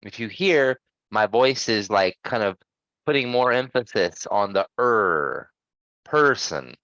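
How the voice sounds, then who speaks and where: A man leads an English pronunciation class, taking his time over each sound. He checks in with the students often and models words slowly for them to repeat. His voice comes through a little muffled and dry, as if over a basic mic. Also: fairly low pitch, lively intonation, a bit bright, dry recording. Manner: patient, checks in with "okay?" often. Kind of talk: online pronunciation lesson.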